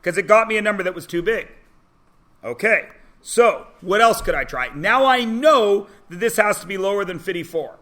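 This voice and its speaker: A man teaches a math lesson to a classroom of students. His voice sits high and sounds bright and forceful. He teases the students and keeps asking them quick check-in questions. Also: expressive. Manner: teasing, chatty, asks rhetorical questions.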